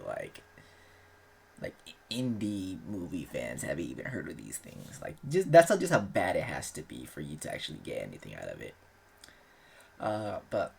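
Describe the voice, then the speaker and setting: A man's voice: deep voice, vocal fry, a little hiss or hum. A young man talking in a loose, rambling way as host of his own channel, full of filler words and casual swearing. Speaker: aspiring author and channel host. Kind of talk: casual chat.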